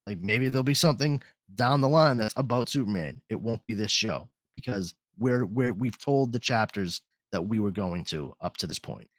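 A man's voice: fairly low pitch, normal speed, hardly any pauses, dry recording, clean studio sound. A man hosting a podcast in casual chat, rambling and swearing freely. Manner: rambling, profane, animated. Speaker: podcast host.

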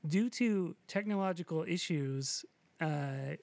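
A man's voice: on the high side, takes it slowly, gravelly, darkish tone, no room sound. A man co-hosting a casual podcast chat, rambling and self-deprecating, with many restarts and fillers. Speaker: podcast co-host.

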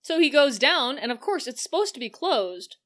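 Lively high-voiced woman chatting. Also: normal speed. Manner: excitable, laughing, animated retelling. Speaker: podcast co-host. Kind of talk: casual film recap chat.

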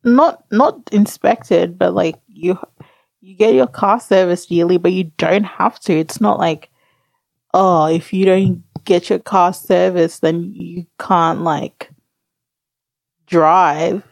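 Laid-back woman, slow, gravelly, dry sound. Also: fairly low pitch, steady tone, dry recording. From Australia. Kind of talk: casual chat.

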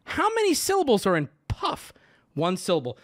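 A man's voice: sits high, huge pitch swings, normal speed. A man streaming live, ranting at his chat in a sarcastic, exasperated and profane way.

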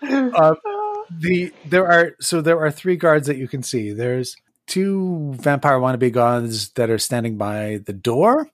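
A game master narrating a tabletop game online in an unhurried, chatty way. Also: medium pitch, no room sound, clean studio sound.

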